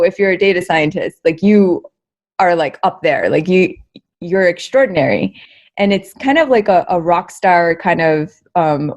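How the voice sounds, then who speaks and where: A young adult woman, a guest researcher and comedian, answering interview questions in an energetic, chatty way, full of fillers and repeated words. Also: fairly low pitch, highs cut off.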